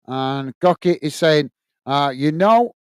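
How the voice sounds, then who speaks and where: Brief: middle-aged Northern English man, watch-along host, fairly high smooth voice, blunt and chatty, dry close sound. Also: animated, slow, no room sound. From north of England. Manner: chatty, blunt, laughs easily, says mate a lot. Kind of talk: match commentary and reading out viewer chat.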